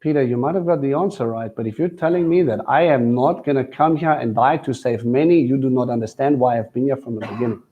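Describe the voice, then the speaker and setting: A teacher at a Messianic congregation gives a live sermon in a conversational style, frequently putting questions to his listeners. His voice is medium-pitched and quick, with hardly any pauses, and the sound has a phone-like quality.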